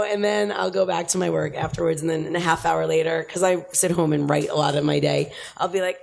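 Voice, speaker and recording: A woman, a sex expert guest, chatting and explaining in an animated, instructive way. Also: on the low side, quick pace, creaky, hardly any pauses. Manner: animated, instructive, counts out exercises. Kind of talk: casual chat, explaining tips.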